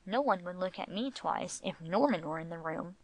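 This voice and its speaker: A woman's voice: fairly low pitch, lively intonation, moderate pace, no echo. A woman reading the lines of a playful, mock-serious middle-aged husband. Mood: teasing.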